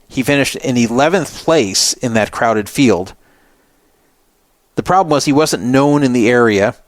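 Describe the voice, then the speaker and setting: A man's voice: medium pitch, no echo. Dry-sounding man hosting a show. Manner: rambling, conversational. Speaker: radio show host. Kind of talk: casual commentary.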